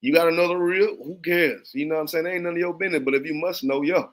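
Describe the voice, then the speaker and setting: A man's voice: on the high side, quick pace. A man, teaching a religious class in a blunt, profane preaching style, often asking if the listener understands. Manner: blunt, repetitive, keeps asking "you understand me".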